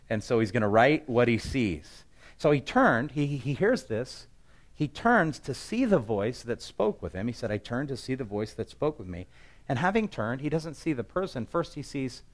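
A man preaching an expository sermon in a conversational way, swinging between loud emphatic passages and quiet, low asides. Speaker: pastor.

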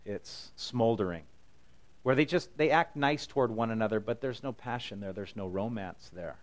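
A man's voice: fairly low pitch, moderate pace. A middle-aged man preaching a sermon in an earnest, conversational way, paraphrasing scripture in his own words. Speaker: pastor.

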